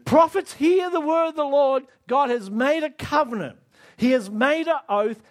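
High-voiced preacher asking the crowd questions. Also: male voice, normal speed. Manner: emphatic, rising to near shouts on key lines; asks the audience direct questions. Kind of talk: sermon.

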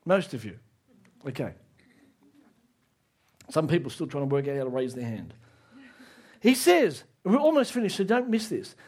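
A man preaching a sermon, emphatic, asking the audience direct questions and rising to near shouts on key lines. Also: fairly high pitch, sing-song, moderate pace, long pauses, slightly rough.

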